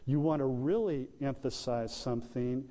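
A man preaching a sermon as pastor, slow and deliberate, with emphatic pauses. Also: medium pitch, mellow. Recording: long hall reverb.

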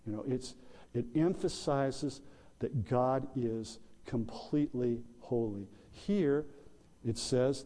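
A man preaching a sermon as pastor, slow and deliberate, with emphatic pauses. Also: medium pitch, steady tone, mellow. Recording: long hall reverb.

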